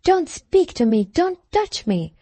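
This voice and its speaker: A frantic young heiress in the grip of hysterics, as a woman narrator puts her on. The voice rides high and shrill, and she pleads and insists with desperate emphasis. The reading is close and dry, with no room sound at all. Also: lively intonation, measured pace, darkish tone, no echo.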